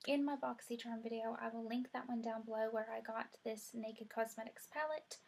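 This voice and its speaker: A woman's voice: a little high, a little mellow, slight background noise. A young woman, chatting casually through a makeup tutorial and saying "y'all" a lot. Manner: chatty, rambling, says "y'all" often. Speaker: beauty vlogger.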